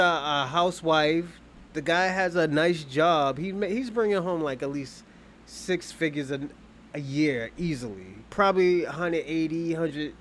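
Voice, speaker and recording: A man's voice: a little high, slight background noise. A man hosting his own channel, telling a casual, rambling story in loose, profane slang. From Boston, US. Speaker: channel host.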